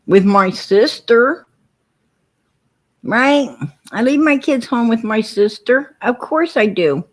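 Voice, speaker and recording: A woman hosting a livestream, telling stories and arguing with viewers in a blunt, profane way. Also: mid-range voice. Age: adult with four kids. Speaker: livestream host. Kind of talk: casual livestream talk.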